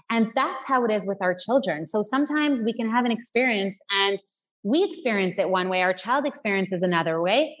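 A woman parenting coach explaining her ideas earnestly, using everyday examples in conversation. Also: medium pitch. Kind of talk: explanatory interview talk.

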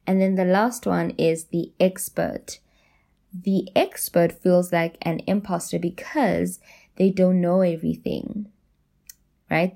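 Woman, podcast host, low gravelly voice, mellow tone, encouraging, repeats herself for emphasis. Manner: encouraging, repeats phrases for emphasis, laughs often. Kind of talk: solo self-help podcast talk.

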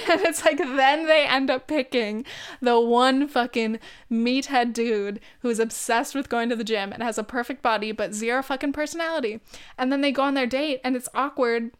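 A woman's voice: on the high side, steady tone, moderate pace, clear, resonant tone. A young woman in her twenties talking casually in a rambling way, full of "like" and swearing, with frequent laughs. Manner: rambling, lots of "like", swears freely, laughs often. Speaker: vlogger. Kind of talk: casual chat.

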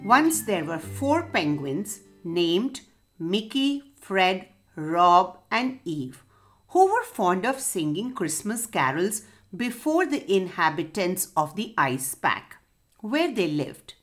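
An unhurried woman telling bedtime-style stories to small children, her pitch rising and dipping with feeling. Her delivery is gentle and lilting, with a soft music bed under her. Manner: gentle, expressive, lilting read-aloud delivery. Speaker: children's story podcast host and narrator. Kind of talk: storytelling for young children.

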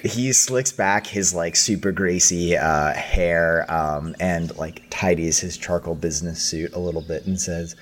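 Deep-voiced man running a tabletop game. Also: a little slow, hardly any pauses, slight background noise. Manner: hesitant, filler-heavy narration. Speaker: game master.

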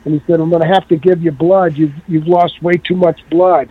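A man telling a long story in a casual, animated way and acting out the voices of the people in it. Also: a little high, a little fast, husky, no room sound. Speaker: guest. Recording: tinny phone-like line.

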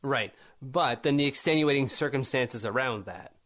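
A man with a mid-range, fairly bright voice co-hosts a casual sports podcast at a normal speed. He argues his points and works himself up into exasperated rants.

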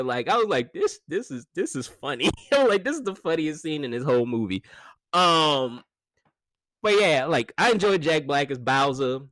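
A man casually reviewing a movie, animated and chatty, laughing often and restarting his sentences. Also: fairly high pitch, no echo.

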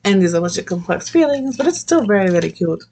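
A woman's voice: mid-range voice, very animated, fast talker, mellow. A young woman chatting casually about manga she read, rambling, swearing and laughing often. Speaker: manga reviewer. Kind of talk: casual chat.

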